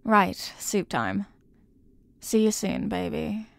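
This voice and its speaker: A woman voicing a clingy, possessive young girlfriend in a whispered role-play, soft and doting. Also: mid-range voice, big pitch swings, slow pace, creaky, no echo, full character voice.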